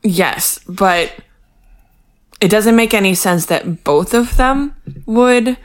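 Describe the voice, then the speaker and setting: A woman's voice: mid-range voice, takes it slowly. A woman co-hosting a casual podcast, talking through a TV show with dry, self-deprecating humor. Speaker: podcast co-host. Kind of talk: casual chat recapping a TV show.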